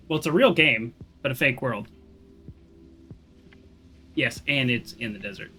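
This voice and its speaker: Over soft background music, a gaming streamer with a medium-pitched, sharp voice comments casually on his let's-play. His pitch swings widely, his pace is measured, and he pauses often, staying chatty and self-deprecating as he thinks aloud with fillers and restarts.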